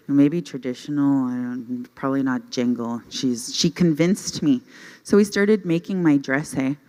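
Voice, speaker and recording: A woman's voice: rumbling low, unhurried, mellow. A middle-aged woman telling self-deprecating comedy stories on stage into a handheld mic, often laughing at her own jokes. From Canada. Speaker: stand-up comedian. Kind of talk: stand-up comedy storytelling. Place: stage at a youth conference, before a live audience. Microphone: handheld microphone.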